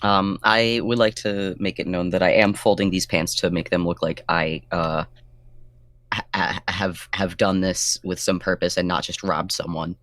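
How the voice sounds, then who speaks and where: A man's voice: low voice, fairly even intonation, normal speed, a bit bright, no echo. A man playing a tabletop game, joking, rambling and pleading in character. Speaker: player. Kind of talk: in-character tabletop role-play.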